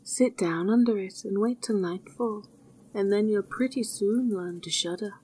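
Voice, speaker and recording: Sly storybook stranger, knowing and mocking, husky slow voice as a woman reads him. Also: medium pitch, dark tone.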